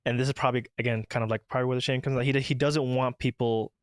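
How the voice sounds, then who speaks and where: A man in a mid-range voice co-hosts a relaxed podcast conversation as a father. He speaks thoughtfully, pausing and restarting his phrases as he works through an idea. The sound is close and dry. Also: mid-range voice, no room sound. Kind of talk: casual conversational chat.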